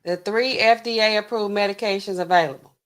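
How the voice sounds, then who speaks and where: A middle-aged woman with a bright, forceful voice hosts a casual livestream. She talks straight to her chat in a loose, easygoing way. She slows down to sound out long drug names. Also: medium pitch. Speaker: pharmacist livestream host.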